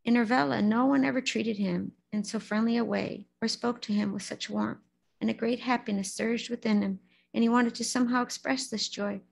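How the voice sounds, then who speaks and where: Husky-voiced woman reading a story. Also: fairly high pitch, brisk, poor audio. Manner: steady storytelling with occasional restarts on names. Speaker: lay speaker at a Buddhist service.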